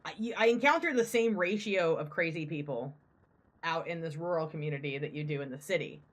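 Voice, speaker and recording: A young woman co-hosting a podcast, telling a story in casual chat, swearing freely and acting out the people she quotes. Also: fairly quick. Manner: animated, acts out quotes with big pitch jumps and swearing. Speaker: podcast co-host.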